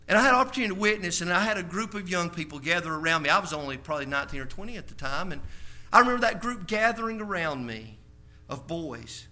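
A male preacher telling a personal story in a sermon, going from soft storytelling to shouted conviction. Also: fairly high pitch, expressive, fast talker.

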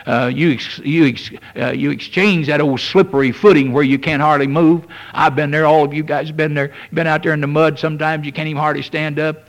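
A man preaching a sermon, folksy and repetitive, often asking "amen?" and building to fervent highs. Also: steady tone, fairly quick, hardly any pauses. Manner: folksy preaching with frequent "amen" and "you see", rising in fervor.

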